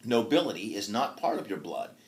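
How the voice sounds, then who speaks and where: A man's voice: lowish voice, sing-song, a little fast. A man voicing a shrewd, teasing old woman, a hag, in a retold tale; he speaks slyly and mockingly. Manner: sly, mocking.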